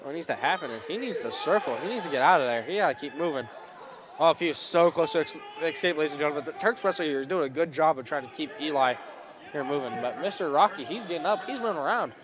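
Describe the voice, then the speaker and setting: A man calls a school wrestling match in a gym, his voice sitting a little high as he chatters along. He is excitable and rambling, quick to apologize for slips. A noisy crowd fills the background. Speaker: play-by-play announcer. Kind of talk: live school sports commentary. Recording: loud gym crowd noise. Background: cheering crowd and shouting coach.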